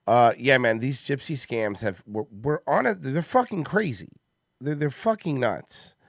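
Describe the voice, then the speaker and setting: A man's voice: mid-range voice, lively intonation, unhurried, vocal fry, no echo, clean studio sound. A man hosting a comedy podcast, rambling and joking in casual banter, worn out from a busy day. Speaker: podcast host.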